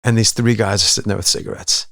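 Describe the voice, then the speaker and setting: A man who is a rabbi, a podcast guest telling a story in an animated way and acting out voices. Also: lowish voice, quick pace, vocal fry, dry recording. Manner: animated, acts out voices, many restarts. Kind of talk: conversational storytelling.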